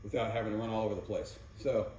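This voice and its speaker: A man's voice: lowish voice, fairly even intonation, quick pace, mellow. A man giving casual workout instruction as a fitness coach, counting reps between exercise cues. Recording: very echoey room, mic far off, faint noise.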